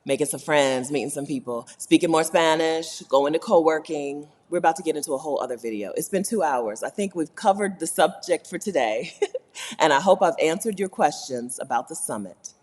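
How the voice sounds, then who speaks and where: American woman, low-pitched, very lively delivery, casual laughing livestream chat, long room reverb. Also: brisk. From United States. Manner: animated, laughing, repeats "right?". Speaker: vlogger.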